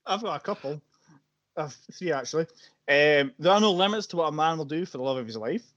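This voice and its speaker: Easygoing man with a slightly high voice. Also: brisk, dull audio. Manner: relaxed, laughs at his own picks, swears casually. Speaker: podcast co-host. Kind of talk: casual film chat.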